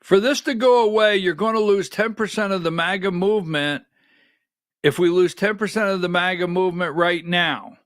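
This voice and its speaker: A middle-aged man hosting a livestreamed political commentary show, talking in an animated, rhetorical way, often asking "right?" and rising to near-shouting when worked up. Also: high-pitched, moderate pace, no room sound, clean studio sound. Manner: talks while fumbling with on-screen clips.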